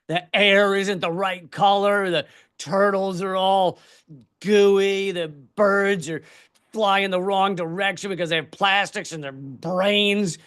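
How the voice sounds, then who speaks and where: A man doing stand-up comedy as a keynote, who rants animatedly and swears freely. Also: high-pitched. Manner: ranting, profane, animated.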